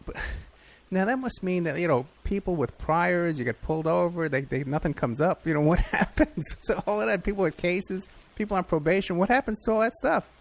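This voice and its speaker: Gravelly, enthusiastic talk show host. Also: male voice, sits high, a little fast. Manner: enthusiastic, admiring.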